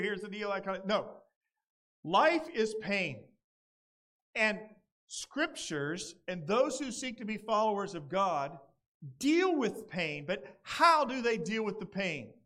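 A man's voice: high-pitched, a bit bright. A male pastor, preaching a sermon in an earnest, conversational way and reading scripture dramatically.

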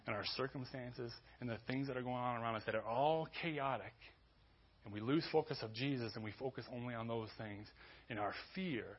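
A man preaching a sermon as pastor, conversational with restarts, building to loud emphasis. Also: mid-range voice, slightly rough, muffled recording. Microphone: church sermon recording.

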